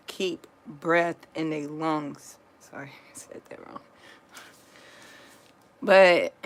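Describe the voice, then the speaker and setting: A woman talking casually to her viewers in an earnest, comforting and reflective way, pausing often and restarting her sentences. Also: deep voice, low-quality recording. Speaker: vlogger sharing a personal story.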